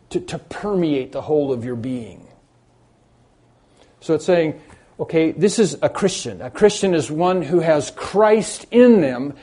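Male pastor, sermon delivery, mellow and slightly high-pitched, emphatic with frequent restarts.

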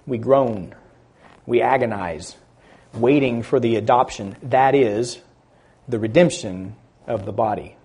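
A man preaching a sermon, building loud on key words and dropping quiet at the ends of phrases, stressing scripture slowly. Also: medium pitch, husky. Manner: slow, deliberate emphasis on scripture phrases.

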